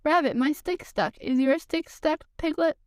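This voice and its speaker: A woman's voice: high voice, moderate pace, no echo, clean studio sound, close to an everyday voice. Woman doing Roo, a small eager kangaroo. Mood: excited. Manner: excited, chattering.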